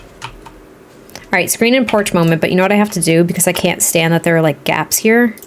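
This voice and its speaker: A woman's voice: lowish voice, normal speed, slight background noise. Chatty woman with a Boston accent. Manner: chatty, frank, thinks out loud. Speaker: Sims builder streamer. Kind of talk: casual gaming commentary while building.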